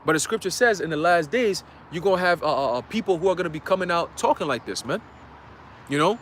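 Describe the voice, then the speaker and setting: Brief: man, high voice, laid-back street-style preacher, faint traffic behind. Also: expressive, fast talker, a bit bright. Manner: conversational, filler-heavy, reads scripture aloud. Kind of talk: livestream sermon, casual street talk.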